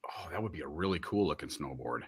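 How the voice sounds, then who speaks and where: A man's voice: a bass voice, quick pace, husky. A man hosting a casual livestream from a radio studio, joking and talking while he eats. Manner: animated, joking, talks while eating. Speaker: radio host.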